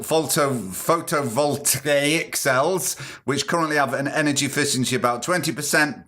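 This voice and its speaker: A man's voice: mid-range voice, a bit bright. A man hosting a casual news podcast, reading stories aloud and adding cheeky, sarcastic asides. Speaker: podcast host.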